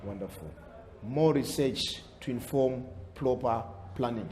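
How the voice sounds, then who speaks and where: A man's voice: mid-range voice, unhurried, a little mellow, echoey room, slight background noise. Formal Zimbabwean man moderating a debate. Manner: formal, hesitant with many uh fillers.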